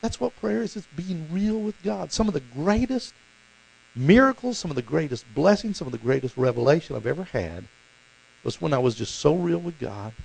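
A man preaching a sermon as pastor, animated and acting out the voices in the stories he tells. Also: a little high, normal speed, vocal fry, low-quality recording. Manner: animated, acts out voices in quotes.

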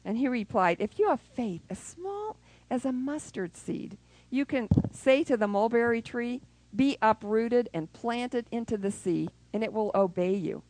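A woman preaching a sermon who acts out prayers and little scenes, even with sound effects. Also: a little high, unhurried, low-quality recording.

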